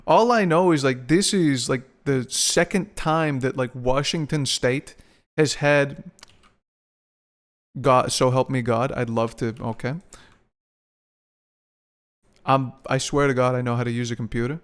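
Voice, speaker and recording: A man's voice: mid-range voice, fairly even intonation, a little slow. A young man chatting casually on a live stream, rambling, swearing and laughing often.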